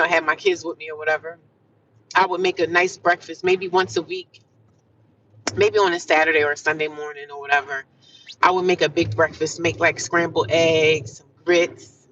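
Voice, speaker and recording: A woman's voice: on the low side, a bit bright, recorded from a distance, lo-fi sound, slight background noise. A middle-aged woman chatting casually while driving, upbeat and full of affirmations, calling her viewers "honey" and "child.". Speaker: vlogger livestreaming from her car. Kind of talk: casual chat.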